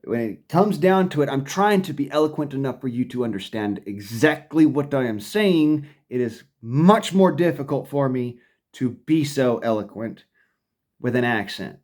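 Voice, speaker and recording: A man's voice: mid-range voice, animated, moderate pace, darkish tone. A man delivering a profane, combative ranting monologue to camera, often stumbling and restarting his sentences. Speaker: vlogger.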